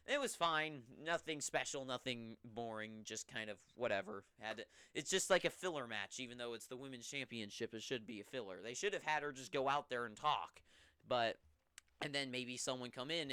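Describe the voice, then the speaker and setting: A young man hosting a wrestling recap, talking in a casual, rambling, offhand way with sudden excited bursts. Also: mid-range voice, clean tone, dry recording, clean studio sound.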